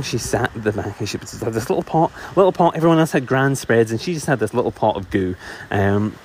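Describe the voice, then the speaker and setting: A man telling a myth in a relaxed, chatty way, full of ums and asides. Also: medium pitch, slight background noise. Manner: chatty, digressive, laughs often, many fillers. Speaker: storyteller. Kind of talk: casual oral storytelling.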